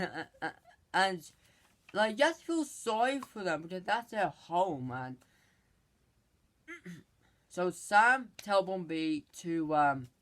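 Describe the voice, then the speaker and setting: A movie reviewer casually recapping a film, rambling and halting, with many restarts and exasperated asides. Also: medium pitch, a bit bright.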